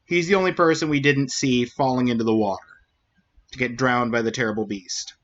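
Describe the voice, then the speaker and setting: Male streamer, mid pitch, slightly dull mic; muses aloud, hums while he thinks, let's-play commentary. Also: fairly even intonation, brisk.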